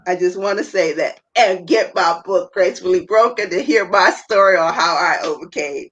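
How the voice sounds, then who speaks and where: A woman's voice: fairly low pitch, moderate pace, fairly bright tone, lo-fi sound. A woman speaking as a panel guest over a video call. She talks earnestly, repeats her key phrases and restarts often. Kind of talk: earnest advice talk.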